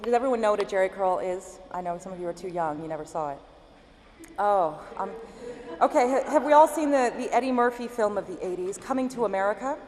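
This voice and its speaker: A woman from Denver, a slam poet, performing spoken word with an expressive, emphatic delivery and chatting with the audience between poems. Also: medium pitch, fast talker. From Denver, Colorado. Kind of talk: slam poetry reading with stage banter. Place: university event hall. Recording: echoey hall with faint ambience.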